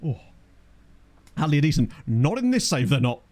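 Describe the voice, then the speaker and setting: A man's voice: a little high, very animated, moderate pace, warm tone. A man talking casually as a let's play host, chatting and thinking aloud while he answers viewer questions from his home office on a desktop condenser mic. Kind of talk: casual gameplay commentary reading chat. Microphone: desktop USB condenser mic.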